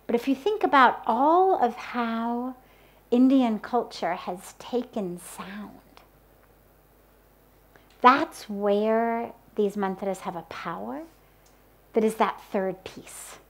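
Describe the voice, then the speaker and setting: Woman, spiritual teacher, slow deliberate delivery, fairly high voice, explanatory talk. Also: fairly bright tone. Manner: slow, deliberate, with spoken examples. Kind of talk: spoken talk on mantras.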